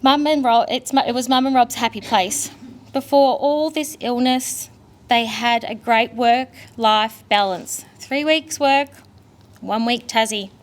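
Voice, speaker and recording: A woman's voice: fairly high pitch, a little slow. A young Australian woman, the daughter, giving a candid, emotional funeral eulogy full of family stories. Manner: emotional, candid, storytelling with laughs.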